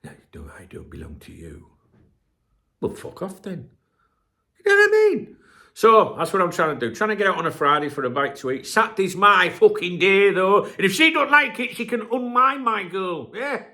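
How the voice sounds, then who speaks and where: Chatty sweary man, lively pitch. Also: normal speed. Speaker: channel host. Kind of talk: casual chat.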